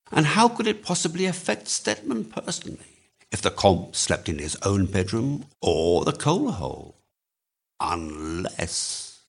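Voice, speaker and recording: A man narrating a novel aloud with measured storytelling. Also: on the low side, husky. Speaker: audiobook reader.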